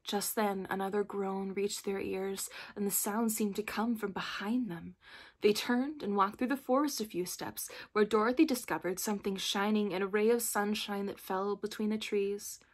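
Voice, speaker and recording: Husky-voiced woman reading a storybook. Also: mid-range voice, steady tone, normal speed. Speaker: library staff reader. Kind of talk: reading a children's book aloud.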